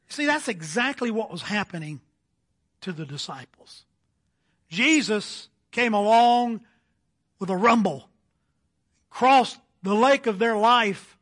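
A male pastor preaching a sermon, telling a story in slow, emphatic phrases that trail off quietly. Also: high voice.

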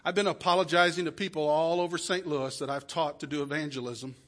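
Middle-aged male pastor, emphatic sermon delivery with loud bursts and hushed asides; high, bright tone. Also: steady tone, quick pace. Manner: emphatic preaching with sudden loud peaks and drops to a hush. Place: church sanctuary.

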